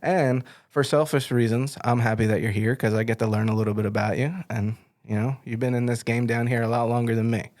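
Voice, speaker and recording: A man's voice: medium pitch, fairly even intonation, fairly quick, few pauses, a little mellow. A middle-aged man hosting an interview, chatting casually and telling stories with lots of fillers and restarts. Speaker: podcast host.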